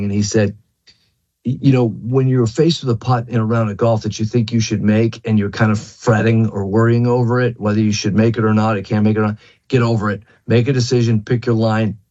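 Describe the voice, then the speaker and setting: Man, golf instructor, casual lesson, repeats himself, raspy voice, muffled audio. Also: fairly low pitch, darkish tone. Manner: rambling, repeats words and phrases, many fillers. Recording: dull lo-fi recording.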